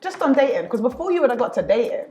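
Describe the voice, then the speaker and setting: A woman's voice: on the high side, sing-song, fast talker, darkish tone, faint music behind. A woman co-hosting a podcast, playful and teasing in casual chat. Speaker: podcast co-host. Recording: roomy echo.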